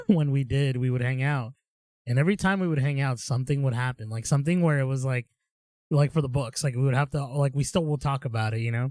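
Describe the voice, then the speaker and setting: Man, co-host, rambling storyteller, casual chat, dry close sound, mid pitch. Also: a little mellow, dry recording. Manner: rambling storyteller, says dude. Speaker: podcast co-host.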